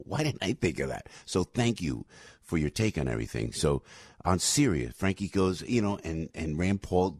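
A male radio host delivers a rambling, emphatic monologue into a studio mic. His voice is husky and dry, with pitch that leaps and swings widely as he gets fired up. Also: darkish tone, no room sound. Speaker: radio talk show host. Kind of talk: opinionated talk radio monologue.

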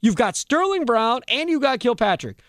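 Animated man ranting on sports talk. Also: very high-pitched, normal speed, no echo, studio quality. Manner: animated, heated rants. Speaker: sports radio host.

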